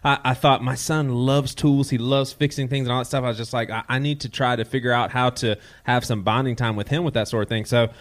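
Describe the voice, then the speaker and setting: A man's voice: mid-range voice, steady tone, fairly quick, hardly any pauses. A man co-hosting a live podcast who talks about being a father, self-deprecating and laughing in casual chat. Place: live show.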